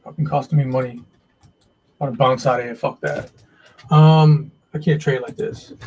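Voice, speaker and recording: A man's voice: medium pitch, fairly even intonation, normal speed, darkish tone, a little hiss or hum, rough recording. A man hosting a live day trading stream, talking to himself and viewers as he trades, often frustrated and swearing.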